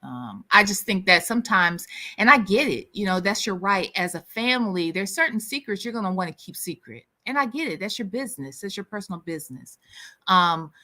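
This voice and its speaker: A woman's voice: mid-range voice, fairly quick. Sassy woman with a light Southern lilt. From US Midwest. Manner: sassy and animated, laughs often. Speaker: livestream host. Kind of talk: casual chat with live viewers.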